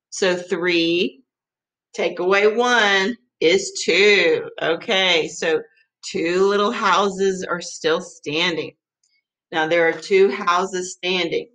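A woman teacher giving a playful, excitable math lesson for children. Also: fairly low pitch, poor audio.

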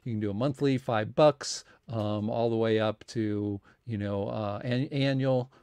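A man's voice: fairly low pitch, fairly even intonation, a little slow, darkish tone, clean tone, no room sound, studio quality. Rambling man hosting a talk show. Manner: rambling, many fillers and restarts; earnest appeals for support. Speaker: host of a science talk series. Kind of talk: casual livestream announcements.

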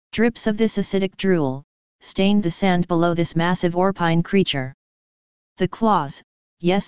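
A woman reading a scripted horror story as its narrator, in a measured storytelling manner with a dull, dry sound. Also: on the low side, a little mellow, clear, resonant tone, no echo.

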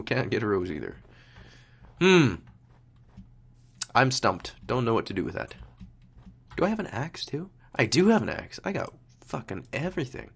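A man's voice: medium pitch, sing-song, moderate pace, vocal fry, long pauses, a little hiss or hum. A young man in casual gameplay commentary, talking to himself, swearing, muttering and exclaiming. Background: game music.

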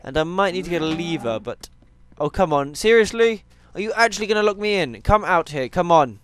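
A man's voice: sits high, brisk, fairly bright tone, no room sound. A tired young man, chatting casually as he plays a game and teases the animals on screen. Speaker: gaming YouTuber. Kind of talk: casual let's-play commentary.

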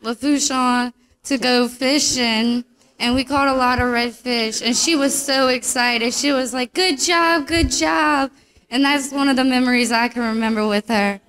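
A woman's voice: fairly high pitch, steady tone, normal speed, a bit bright, poor audio. A woman telling a short, simple family memory at a memorial. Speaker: niece or nephew sharing a memory. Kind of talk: brief casual memory.

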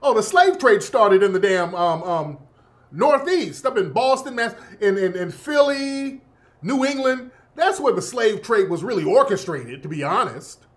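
Man, high voice, casual monologue, profane, animated, laughing. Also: a little slow. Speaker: commentator.

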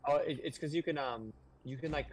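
A young man playing a co-op game with a friend, talking in an easygoing, halting way. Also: fairly high pitch, noisy background. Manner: easygoing, halting, lots of ums and likes. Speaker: co-op gaming partner. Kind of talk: casual let's play chat.

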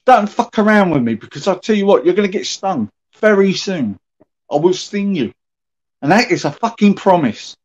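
A man's voice: sits high, darkish tone. A man livestreaming an angry, swearing rant at his critics, confrontational and aggrieved. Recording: dull lo-fi stream audio.

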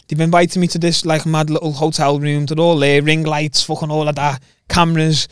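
A man's voice: a little high, flat delivery, a little fast, few pauses, smooth, no room sound, studio quality. A man with a Scouse accent from Liverpool, a podcast guest telling his story casually, swearing and calling people "lad". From Liverpool, England. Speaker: podcast guest, MMA fighter.

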